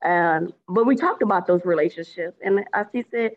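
A woman's voice: on the low side, fairly quick, muffled recording. A woman on a group call telling an earnest personal story. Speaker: caller.

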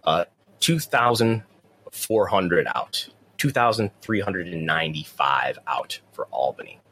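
A man's voice: low voice, animated, measured pace, pushed and bright, a little hiss or hum. A man co-hosting a podcast in casual chat, often repeating his first words as he starts a sentence. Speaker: podcast co-host.

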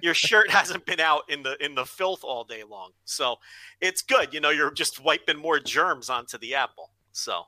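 A man co-hosting a podcast, telling a story with plenty of swearing in a casual, animated way. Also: on the high side, normal speed, no echo, low-quality recording. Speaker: podcast co-host.

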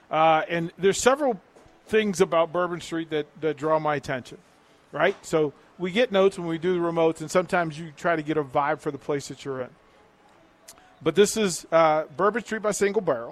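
A middle-aged man with a slightly high, somewhat bright voice hosts a live radio remote from a restaurant patio. At normal speed with long pauses, he reads the sponsor's menu in a punchy, hype-building way.

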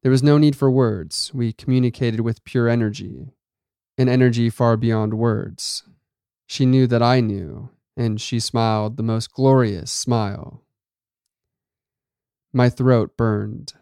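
A man reads a first-person story in a measured, dramatic way. His voice is smooth and resonant at a middle pitch. The recording is dry and close. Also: steady tone, mellow, dry recording. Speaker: narrator.

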